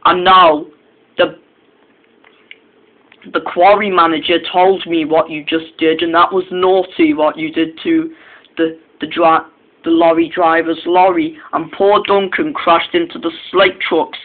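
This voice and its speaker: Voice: mid-range voice, level tone, measured pace, close to an everyday voice. A speaker voicing a stern man in charge of the railway, scolding and stumbling over restarted words. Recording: tinny phone-like sound, faint hiss.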